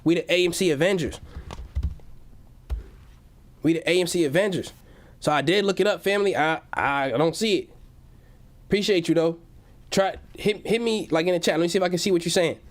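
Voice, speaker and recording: A man's voice: sits high, fairly quick. A young man hosting a casual livestream from home, hyped and slangy, reading out chat messages. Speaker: livestream host.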